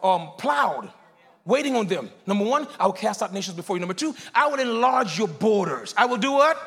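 High-voiced preaching man, shouting at times. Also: sing-song, a little fast, vocal fry, slightly rough. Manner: preaching with call-and-response, rising to shouts. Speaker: pastor. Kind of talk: sermon. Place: church sanctuary before a congregation.

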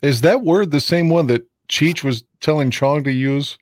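A man's voice: on the high side, normal speed, dry recording, clean studio sound. A man co-hosting a podcast, joking and amused in casual chat. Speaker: podcast co-host.

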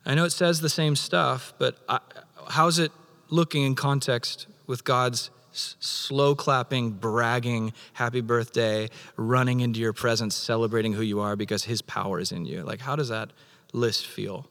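A man preaching a sermon as pastor, animated, acting out God's voice in quoted lines. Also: mid-range voice, normal speed, big-room sound.

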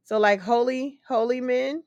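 A woman co-hosting a casual talk show, chatty and quick to laugh. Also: a little high, steady tone, a little mellow, no echo, lo-fi sound. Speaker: co-host.

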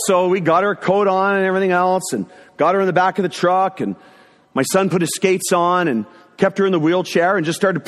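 A middle-aged man telling a personal story in a sermon, animated, acting out the voices of people in it. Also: sits high. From northern Ontario, Canada. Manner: animated storyteller who acts out quotes. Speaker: speaker sharing a testimony. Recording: echoey hall.

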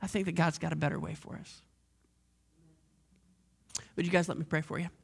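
Earnest gravelly-voiced pastor preaching. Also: male voice, fairly high pitch, level tone, brisk. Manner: earnest, direct appeals to the listeners. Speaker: lead pastor. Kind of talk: sermon.

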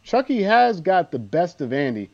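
A man's voice: high-pitched, very animated, moderate pace, a little mellow. Male podcast co-host, dry and rambling, slightly dull recording. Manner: rambling, self-deprecating, dry asides. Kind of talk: casual movie recap chat.

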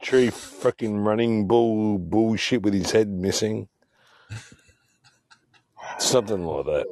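Slightly low male voice, crude mocking banter, voice chat. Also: slow pace, a little mellow, no room sound. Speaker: voice chat participant. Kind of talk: casual group chat.

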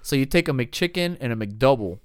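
Man, animated delivery, smooth voice, joking banter. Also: mid-range voice, fairly quick, no room sound, studio quality. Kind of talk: casual chat.

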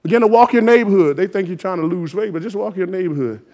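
A man preaching a sermon, exhorting his listeners and rising to loud emphatic peaks. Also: high voice, fast talker. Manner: exhorting, call-and-response rising to shouted emphasis.

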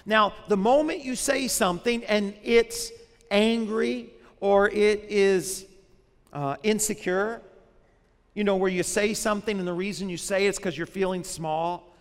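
A man's voice: high-pitched, moderate pace, big-room sound. A man, a pastor, preaching a sermon in a conversational way, often putting questions to the congregation.

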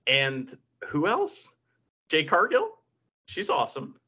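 A man co-hosts a casual podcast, spinning stories with lots of laughter and cursing. His voice sits a bit high and is bright, with a very lively, swooping delivery. The audio is somewhat dull and lo-fi. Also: slow, breathy edge. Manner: animated, laughs often, swears freely. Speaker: podcast co-host. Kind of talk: casual chat, storytelling.

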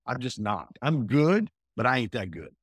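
A man talking as an entrepreneur guest in a casual interview, emphatic and energetic, often repeating himself. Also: medium pitch, normal speed, slightly rough, no room sound.

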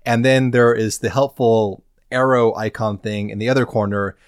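Man, podcast co-host, wry storyteller with deadpan punchlines, dry close mic. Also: fairly low pitch, moderate pace, clean tone, no echo. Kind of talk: casual chat recapping a game.

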